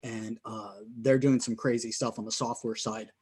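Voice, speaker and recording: A man's voice: mid-range voice, flat delivery, darkish tone, husky. Joking man, casual podcast co-host. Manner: joking, teasing, drawn-out asides.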